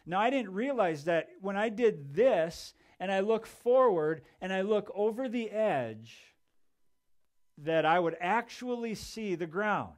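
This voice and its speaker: A man's voice: high-pitched, expressive, a little slow. Man preaching a casual sermon. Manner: conversational, storytelling with repeated restarts. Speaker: pastor. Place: church sanctuary.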